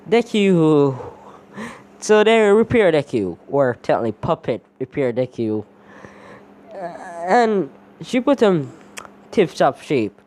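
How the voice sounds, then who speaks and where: Male storyteller, casual and rambling, dark mellow voice. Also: a little high. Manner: rambling, leans heavily on "basically". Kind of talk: casual fan-story narration.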